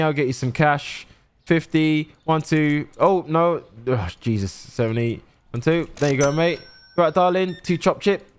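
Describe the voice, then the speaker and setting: A man's voice: on the high side, slight background noise, natural voice. A man doing a cheery till worker. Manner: brisk, friendly shop-worker patter. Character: cheery male shopkeeper touting and serving at a till.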